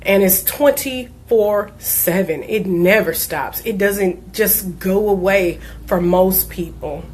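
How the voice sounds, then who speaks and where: An earnest, emphatic woman speaks as a coach in a mid-range voice, repeating key points with conviction. She shifts between steady advice and heartfelt storytelling. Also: medium pitch, takes it slowly, hardly any pauses, a little hiss or hum. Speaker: diabetes life coach. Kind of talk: personal motivational talk.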